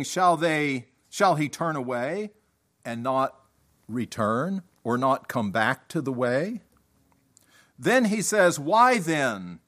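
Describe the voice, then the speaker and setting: A man preaching a sermon, reading scripture aloud with deliberate emphasis and reasoning with his listeners. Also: high-pitched, fairly bright tone.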